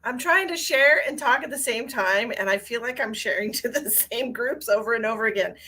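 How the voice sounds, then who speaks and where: Greeting viewers by name with endearments, a woman working as a psychic medium hosts a live stream at a slightly fast clip. There's a little hiss or hum as she chats casually, alternating bright exclamations with low asides.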